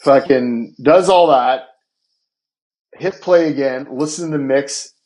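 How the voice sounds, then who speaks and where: A guest music producer recounts colorful studio tales during a casual podcast chat, performing the quoted lines himself and swearing often. His medium-pitched voice comes at a slow pace, captured in a low-quality recording.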